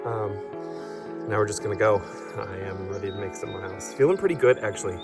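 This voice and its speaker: A tired man with a lowish voice talks to a handheld camera out on a wooded trail, wry and chatty as he walks. Music plays clearly behind him. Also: fairly quick. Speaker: hiking vlogger. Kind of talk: casual trail vlog. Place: outdoors on a forest trail.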